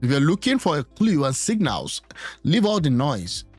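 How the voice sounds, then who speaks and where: A man's voice: fairly high pitch, very animated, normal speed, breathy edge, faint music behind. A man giving casual, musing political commentary, often repeating himself as he thinks aloud. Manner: musing, hesitant, repeats words.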